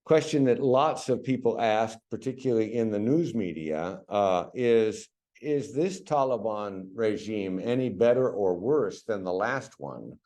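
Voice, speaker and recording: American man, middle-aged professor, lively, warm and mellow delivery in a chatty public lecture. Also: on the low side, unhurried. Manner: chatty, animated when coaching pronunciation. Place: lecture venue.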